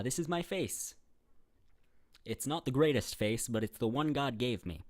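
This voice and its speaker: Here a young YouTuber fields viewer questions in an easygoing vlog, wandering through fillers and restarts and laughing at his own comments. His voice is mid-range and a little mellow. It's a dry recording from a webcam rig aimed at the camera.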